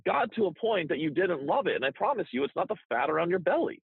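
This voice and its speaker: A man talking casually as a business coach, blunt and profane, telling stories with animated energy. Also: high-pitched, fast talker, vocal fry, slightly rough, no echo, phone-quality sound. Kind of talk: casual podcast chat.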